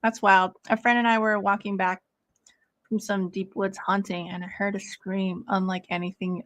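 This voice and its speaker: A woman's voice: medium pitch, little pitch movement, normal speed. A young woman hosting a casual watch-along stream, chatting with viewers and laughing a lot, with many "like"s. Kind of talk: casual chat with live viewers.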